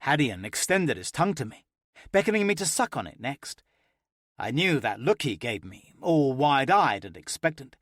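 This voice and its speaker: A man narrating a first-person romance audiobook with an expressive, playful reading. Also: medium pitch, normal speed, dry recording, studio quality.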